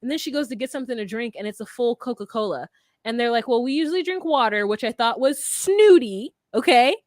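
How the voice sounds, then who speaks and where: A woman with a fairly high voice, talking bluntly and with animation as a podcast co-host. The sound is dry and close, with no room around it. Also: expressive, a little fast, darkish tone, no echo. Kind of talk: casual reality-TV recap chat.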